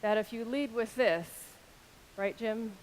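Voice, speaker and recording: A woman in her thirties speaking on an arena stage with a fairly high voice. She moves between loud shout-outs to the crowd and a slower, intimate delivery, all through a stage microphone. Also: a little hiss or hum. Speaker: keynote speaker. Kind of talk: arena keynote speech.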